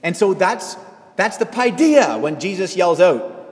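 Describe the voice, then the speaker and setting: A man pastor preaching a sermon in a church, lively and animated, putting on voices for the people he quotes. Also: moderate pace, big-room sound. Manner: animated, acts out quoted voices with big pitch jumps. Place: church sanctuary.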